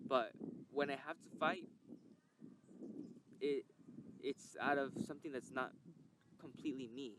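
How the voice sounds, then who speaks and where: There's background noise as a young podcast host reflects on a candid, emotional personal story, rambling and swearing. His mid-range voice has fairly even intonation, moves a little slowly and includes long pauses.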